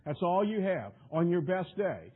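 Brief: a high-voiced, husky male preacher delivering an emphatic, repetitive sermon over a tinny radio line. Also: sing-song, a little slow. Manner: emphatic, repetitive, stumbling restarts.

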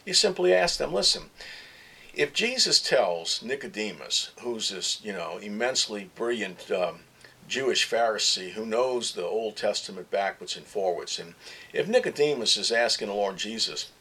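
A man's voice: on the low side, expressive, normal speed, pushed and bright, husky. A man preaching a sermon, emphatic and repetitive, asking rhetorical questions and often restarting his sentences.

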